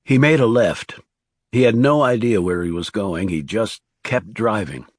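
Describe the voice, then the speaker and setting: Guy reading a thriller audiobook, lowish voice, calm and even, dry close mic. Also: measured pace, no echo. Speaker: audiobook narrator. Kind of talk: scripted narration.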